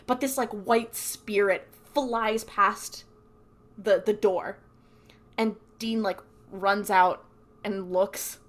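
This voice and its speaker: Taking her time in a medium-pitched voice, a young podcast co-host recaps a story in casual conversation. She is animated, performing the characters' lines as she goes.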